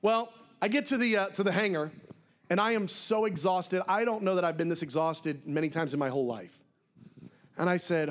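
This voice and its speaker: A man's voice: sits high, normal speed. A man preaching a sermon, telling a story and acting out the voices of people he quotes. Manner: animated, acts out quoted voices.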